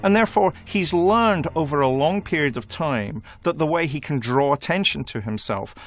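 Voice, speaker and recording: A man speaking as a prison expert in a documentary interview, measured and analytical. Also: fairly high pitch, expressive.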